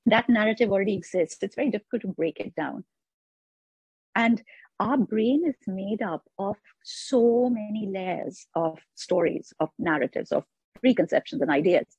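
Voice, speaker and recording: A woman's voice: mid-range voice, darkish tone, slightly rough, dry recording. A woman, speaking earnestly as an interview guest about changing old narratives. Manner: earnest, quotes others in mock voices. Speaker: interview guest, author on sexuality. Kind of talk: reflective interview talk. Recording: dull lo-fi sound.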